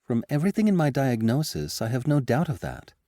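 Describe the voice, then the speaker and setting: Male narrator doing a composed woman doctor, mellow tone, careful delivery. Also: medium pitch, huge pitch swings, brisk, no room sound, clean studio sound, pitched above the performer's own voice. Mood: firm. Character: female doctor, adult, earnest and composed.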